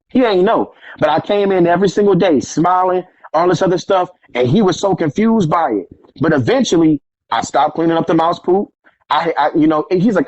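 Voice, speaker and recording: A man in relaxed conversation telling stories from his life, acting out what others said, with street slang. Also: fairly high pitch, dry recording, muffled recording. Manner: animated, acts out quoted voices, street slang. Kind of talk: casual storytelling conversation.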